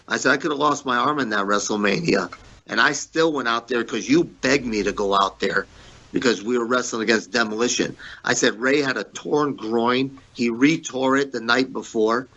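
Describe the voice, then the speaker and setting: A man's voice: mid-range voice, muffled recording. A man telling blunt, profane stories as a guest in an interview, acting out the people he quotes. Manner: blunt, profane, animated when quoting others. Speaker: guest, former pro wrestler. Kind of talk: candid storytelling interview.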